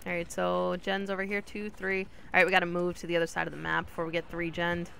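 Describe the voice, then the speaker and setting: A woman streamer giving casual commentary while she plays, chatty and talking to her teammates and the killer, with sudden excited yelps. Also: fairly low pitch, quick pace, gravelly, a little hiss or hum. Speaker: gaming streamer.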